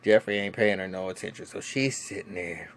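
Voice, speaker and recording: A man giving a casual vlog review of a TV episode, animated and profane, with lots of restarts and laughing asides. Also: low voice, a little fast. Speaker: TV show reviewer.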